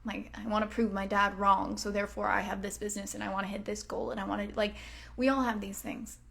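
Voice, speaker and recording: A woman's voice: mid-range voice, flat delivery, quick pace, gravelly, a bit bright. A woman in her thirties hosting a motivational podcast, talking casually and frankly, full of fillers and swearing, sometimes dropping to a near-whisper for emphasis. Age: 30s. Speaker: podcast host and coach.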